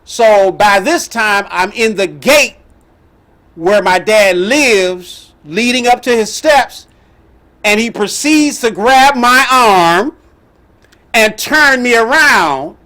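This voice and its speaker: Slow, animated middle-aged male storyteller. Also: high-pitched. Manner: animated, emphatic, with laughs and outbursts. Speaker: host. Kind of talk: personal storytelling.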